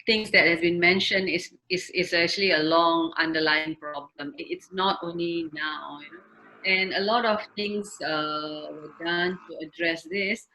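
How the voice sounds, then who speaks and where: A woman official speaks on a video call, her voice a little low yet sharply bright. She talks earnestly, full of fillers and restarts. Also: fairly even intonation, measured pace, poor audio. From Malaysia. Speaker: health ministry official. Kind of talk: webinar panel discussion.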